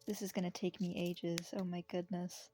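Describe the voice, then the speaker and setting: A woman with a sick, hoarse voice, chatting casually through a sewing vlog and laughing at herself. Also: lowish voice, level tone, normal speed. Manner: chatty, self-deprecating, soft laughs. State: out of breath. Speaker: sewing vlogger. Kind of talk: casual crafting vlog chat.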